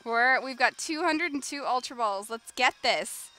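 A bright, high-pitched young woman hosts a live game stream, her voice swooping around a lot as she chats at an unhurried pace. She is excitable and often breaks into shrieks of joy. Soft background music plays under her voice. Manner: excitable, bursts into shrieks and shouting.

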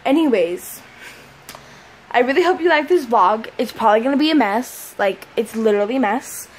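Girl vlogging on her phone, high voice, lots of "like", noisy audio. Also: expressive, fast talker, few pauses. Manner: chatty, loose, full of "like" and "so yeah". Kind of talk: casual vlog chat. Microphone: phone or handheld camera.

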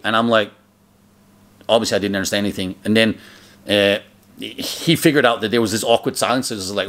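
A man's voice: lowish voice, a little fast, pauses often. A man narrating his own memories in a casual, rambling way, full of fillers and restarts. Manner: chatty, loose, filler-heavy, with loud acted shouts in quotes. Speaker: memoir narrator. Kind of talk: casual spoken storytelling.

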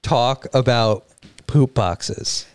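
A man co-hosting a casual livestream chat, telling stories with animated quoted lines. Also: mid-range voice, extremely slow, clean tone, dry recording. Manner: animated storyteller, acts out quotes. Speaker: co-host.

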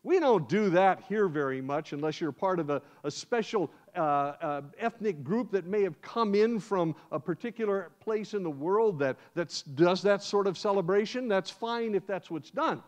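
An American man, a guest preacher, telling a sermon as a lively first-person story. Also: high-pitched, normal speed, few pauses. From United States. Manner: animated, acts out scenes in first person. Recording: dull lo-fi sound.

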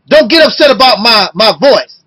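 Man in his fifties, high-pitched, loud emotional rant, rapid rhetorical questions. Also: husky, poor audio. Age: 50s. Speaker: video blogger. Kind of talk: impassioned video rant.

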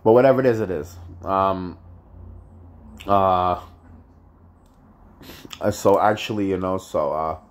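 A man with a very low voice is vlogging to his viewers, plainly upset and frustrated. He rambles and halts, filling gaps with "you know" and "uh" and restarting his thoughts. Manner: halting, many fillers and restarts. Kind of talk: casual vlog monologue.

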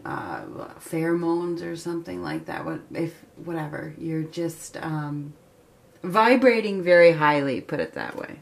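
Woman tarot reader, slightly low voice, chatty, excitable, lots of fillers and laughs. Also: vocal fry. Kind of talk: casual tarot reading.

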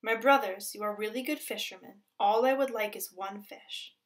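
Woman doing a sly male raven spirit, hungry, pleading, storybook voice, middling pitch. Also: moderate pace, distant mic, close to an everyday voice. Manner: pleading, then threatening.

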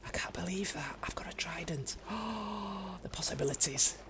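An older woman, chatting excitedly to herself as she plays a video game. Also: lowish voice, normal speed, noisy background. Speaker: gaming YouTuber. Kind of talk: game commentary.

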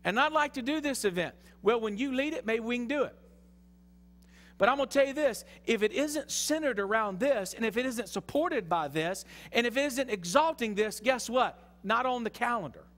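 A man with a Southern US accent preaching an excitable, shouting sermon as pastor in a church. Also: very high-pitched, normal speed, long reverb tail. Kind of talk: fiery sermon. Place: church sanctuary.

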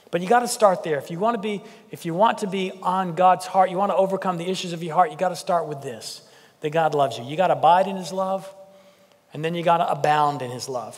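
A man preaching a sermon as pastor, animated and joking with the congregation. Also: sits high, long reverb tail. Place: church sanctuary.

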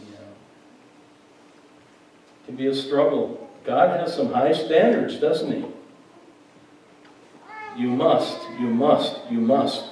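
Guy preaching at church, kinda high voice, chatty, lots of echo, sounds far from the mic. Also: a little mellow. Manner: conversational preaching, teases the congregation. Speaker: pastor. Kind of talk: sermon. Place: church hall. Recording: very echoey hall, mic far off.

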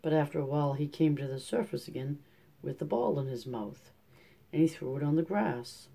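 A man reading a fairy tale aloud at a steady, measured pace. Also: on the high side, gravelly. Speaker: storyteller.

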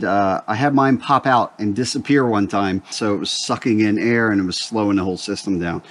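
A man's voice: medium pitch, a little hiss or hum. A man vlogging from a forest campsite, casually explaining his gear and chatting to his dog. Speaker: backpacking vlogger. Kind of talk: casual outdoor gear demo.

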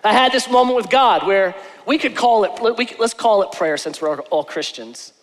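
Pastor, male, high voice, emphatic preaching full of repetition, church-hall echo. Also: normal speed. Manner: emphatic, repeats phrases, swings between soft and shouted. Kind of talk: sermon. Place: church stage before a congregation.

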